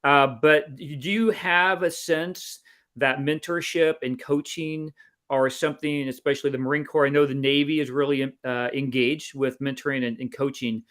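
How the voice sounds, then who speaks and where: A man's voice: mid-range voice, steady tone, normal speed, fairly bright tone. A man hosting a casual interview, asking friendly questions with lots of hesitant fillers. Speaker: interviewer, Marine veteran.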